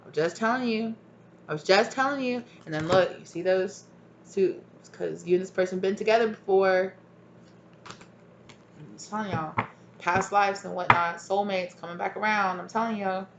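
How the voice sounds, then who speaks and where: A woman's voice: mid-range voice, moderate pace, muffled recording, a little hiss or hum. Chatty woman giving a tarot reading. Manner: chatty, rambling, laughs often, says "y'all". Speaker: tarot reader. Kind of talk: casual collective tarot reading to viewers.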